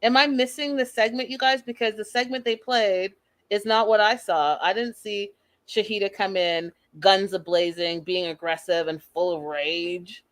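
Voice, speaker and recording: A woman's voice: medium pitch, normal speed, dry recording. A young adult woman hosting a show, recapping a reality episode in casual, opinionated talk and acting out quotes. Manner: animated, opinionated, acts out quotes.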